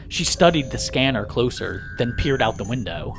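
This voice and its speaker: A man narrating a first-person story aloud with lively, dramatic delivery. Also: medium pitch, moderate pace. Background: background music.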